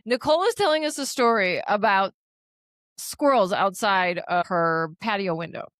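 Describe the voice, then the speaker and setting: A young woman co-hosting a casual chat, telling stories loudly and laughing often as she acts out what people said. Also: medium pitch, moderate pace, dry recording. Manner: loud, laughing storyteller who acts out quotes. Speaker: podcast co-host.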